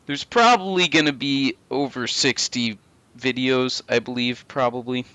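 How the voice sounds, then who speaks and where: Chatty young man with a bright, crisp voice. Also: medium pitch, unhurried, dry recording. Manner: chatty, candid, swears casually. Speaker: co-host and video editor. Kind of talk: casual chat.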